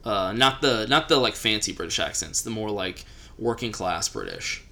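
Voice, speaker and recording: A young man with a light Texan accent and a bright, forward voice. He talks in a loose, casual way, full of "like" and "uh", tossing out blunt, opinionated takes with a joking edge. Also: fairly low pitch, big pitch swings, normal speed, gravelly. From Texas. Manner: opinionated, joking, many fillers. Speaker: podcast co-host. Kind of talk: casual chat.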